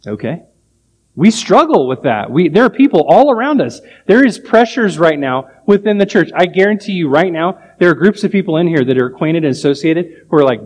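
A man's voice: fairly high pitch, expressive, a little fast, darkish tone, a little hiss or hum. A male pastor preaching a sermon, pressing his point with emphatic rhetorical questions.

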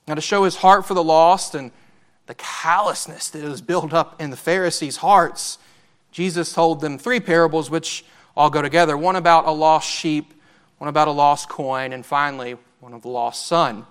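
A man's voice: a little high, steady tone, normal speed, a bit bright, smooth. A man preaching a sermon as pastor, earnest and emphatic, asking his listeners questions.

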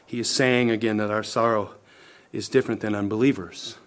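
A man preaching a sermon, impassioned, swinging between loud rising lines and hushed low ones, calling questions out to the congregation. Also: steady tone, a little fast. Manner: impassioned, rising and dropping to near-whispered lows.

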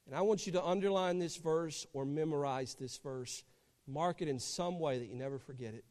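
A man's voice: fairly high pitch, normal speed, darkish tone. A man preaching a sermon, telling a story and then building to fervent emphasis as pastor. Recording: long hall reverb.

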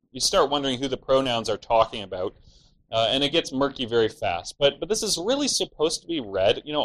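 Guy preaching a sermon, mid-pitched, earnest, walks thru the bible passage point by point. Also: fairly bright tone, low-quality recording. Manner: earnest expository preaching, rising to mock the villains' laments.

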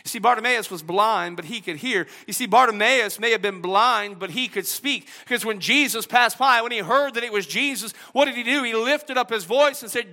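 High, bright-voiced preacher. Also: male voice, brisk, few pauses, big-room sound. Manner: dynamic preaching, swinging from loud and high to soft and low. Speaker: pastor. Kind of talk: sermon.

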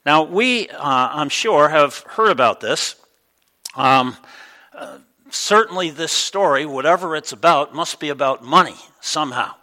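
A middle-aged man preaching a sermon in a relaxed, conversational way, with many ums and uhs. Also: fairly high pitch, measured pace, rough recording. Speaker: pastor.

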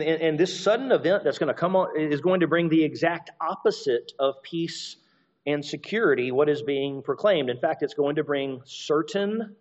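A man's voice: a little high, lo-fi sound. A man preaching through a Bible passage in a conversational way, restarting sentences and posing rhetorical questions to his listeners. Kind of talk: expository sermon.

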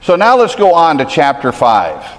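A man's voice: a little high, huge pitch swings, normal speed, in a large hall. A man preaching a sermon, earnest and conversational, building to emphatic peaks. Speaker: pastor.

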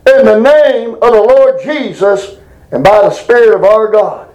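A man's voice: high-pitched, a little slow, darkish tone, low-quality recording. A man giving a folksy, emphatic Bible lesson, reading scripture aloud and explaining it in plain talk. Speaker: preacher. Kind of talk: informal Bible teaching.

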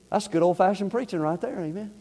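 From a church pulpit, a pastor with a notably high voice preaches a sermon in the sanctuary. His folksy, plain-spoken talk swells into loud, emphatic exhortation.

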